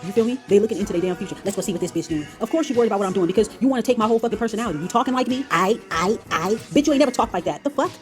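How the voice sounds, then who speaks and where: A woman's voice: mid-range voice, expressive, soft background music. A woman hosting her own channel in heated commentary, talking in a confrontational, profane rant. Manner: profane, confrontational, rapid ranting. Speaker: tarot channel host. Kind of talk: heated commentary on played clips.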